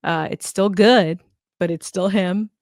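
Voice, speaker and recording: An American woman co-hosting a podcast, chatting in a lively, talkative way and laughing often. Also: mid-range voice, measured pace, dry recording, clean studio sound. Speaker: podcast co-host. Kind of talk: casual chat.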